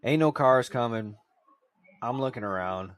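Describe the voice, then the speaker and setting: A man's voice: mid-range voice, a little slow, a little hiss or hum. A man in his thirties co-hosting a podcast who tells worked-up, profane stories in casual chat. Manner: ranting, worked-up storytelling with heavy swearing. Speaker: podcast co-host.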